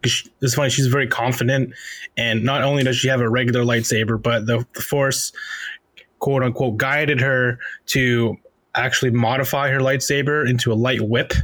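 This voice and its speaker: A man's voice: mid-range voice, steady tone, normal speed, fairly bright tone, no room sound. A man co-hosting a casual book discussion, chatty and laughing often between remarks. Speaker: podcast co-host.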